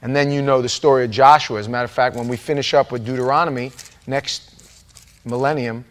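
A man's voice: mid-range voice, fairly even intonation, brisk. A man preaching an informal Bible-study sermon in a church, chatty and joking with his congregation. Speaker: pastor. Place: church sanctuary.

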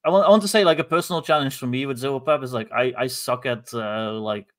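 A man's voice: medium pitch, fast, dry recording, studio quality. A man on a gaming panel in casual chat, self-deprecating, laughing often and saying "like" a lot.

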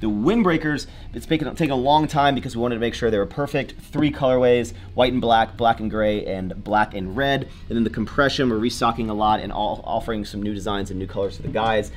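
A man's voice: mid-range voice, fairly quick, hardly any pauses. A man in his twenties chatting casually and upbeat to his viewers as a fitness vlogger. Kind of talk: casual vlog chat.

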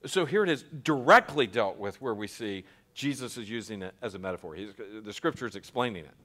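A man's voice: lowish voice, animated, bright, forceful tone. A man, a pastor, giving an earnest teaching sermon in a church, stressing key words and often restarting his phrases. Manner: earnest, emphatic, with frequent restarts and slowed stresses. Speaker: pastor teaching a Bible class.

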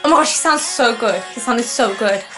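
Young female reaction vlogger with a high voice and an excitable, gushing delivery; soft music in the background. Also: a little fast. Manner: excitable, gasping, rambling. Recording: faint music playing behind. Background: faint music.

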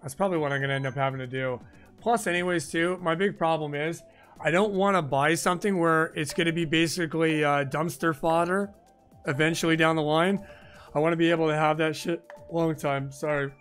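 A man with a high, bright voice chats casually while hosting a gaming stream, rambling and swearing freely. He speaks close to a boom-arm microphone at his home desk. Faint game music plays behind him. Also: steady tone, a little fast, smooth. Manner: rambling, profane, frequent "like" fillers. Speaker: live-stream gaming host.

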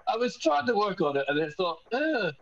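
Casting: joking Northern Irish male podcast host, slightly high voice, dull lo-fi recording. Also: very animated, fast talker, vocal fry, noisy background. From Northern Ireland. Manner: joking, self-deprecating. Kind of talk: casual chat. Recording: dull lo-fi sound.

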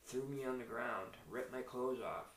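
A man giving a halting first-person account of abuse as an interview guest, acting out what each person said. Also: medium pitch, a bit bright. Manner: halting, retells events as quoted dialogue. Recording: echoey room, distant mic, faint hiss.

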